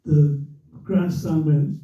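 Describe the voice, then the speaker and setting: A man's voice: on the high side, takes it slowly. Older man telling a tale, echoey. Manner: animated, acts out quotes and a commentator's voice. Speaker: former racer telling a story to a club audience. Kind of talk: anecdotal storytelling. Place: club room. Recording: echoey hall from far off, dull lo-fi.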